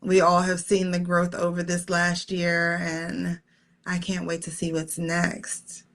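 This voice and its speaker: A middle-aged woman telling a personal story in casual chat, animated and excitable. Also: fairly low pitch, takes it slowly.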